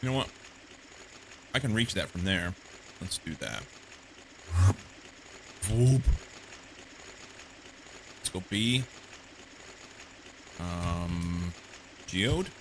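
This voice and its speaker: A man from the United States streaming a game, thinking aloud in casual commentary, a little congested and quick to laugh. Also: low-pitched, big pitch swings, noisy background. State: slightly congested.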